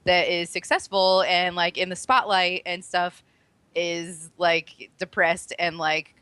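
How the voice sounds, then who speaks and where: A woman co-hosting a podcast, speaking in halting, repetitive bursts and swearing freely. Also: on the low side, fairly even intonation, pushed and bright, smooth, no echo. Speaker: podcast co-host. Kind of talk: casual chat.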